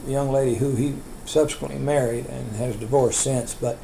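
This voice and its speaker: A man's voice: medium pitch, fairly even intonation, moderate pace, creaky, dark tone, slight background noise, poor audio. An older man recounting his family history in a rambling, chuckling way, with many restarts. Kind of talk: oral history storytelling.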